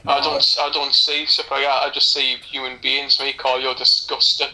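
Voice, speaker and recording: A man's voice: medium pitch, flat delivery, normal speed, pushed and bright, rough recording. A man co-hosting a film commentary podcast, joking around and slipping into silly impressions. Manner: jokey and nostalgic, slips into silly impressions. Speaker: podcast co-host. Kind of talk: casual film commentary chat.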